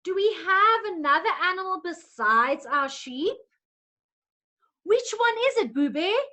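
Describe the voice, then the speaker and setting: A woman's voice: very high-pitched, big pitch swings, unhurried, bright, forceful tone. A woman teaching a lesson to young children in a coaxing, sing-song way, making animal sounds along the way.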